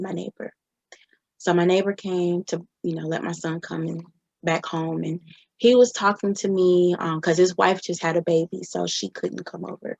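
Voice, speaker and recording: A woman's voice: on the low side, vocal fry, a little mellow, no room sound, highs cut off. A young adult woman recounting her own experiences in an interview, often voicing what others said. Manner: recounting events with quoted dialogue. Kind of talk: personal testimony.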